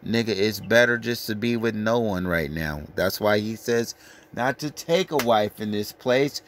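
A man giving a brash, crude, lecturing scripture rant, reading verses slowly and emphatically. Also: on the low side. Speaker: street preacher.

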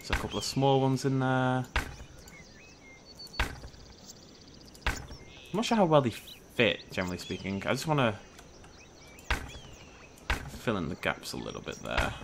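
With big swings in his medium-pitched, creaky voice, this young man talks through a gameplay video at a measured pace, leaving long pauses. He's chatty and jokey, speaks to the animals on screen and shrieks in sudden surprise. Background noise accompanies the casual let's-play commentary.

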